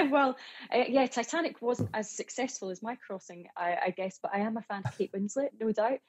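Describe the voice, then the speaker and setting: A woman's voice: on the high side, moderate pace, dull audio. A Scottish woman from Scotland, a guest chatting cheerfully in an interview over a remote line. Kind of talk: casual interview.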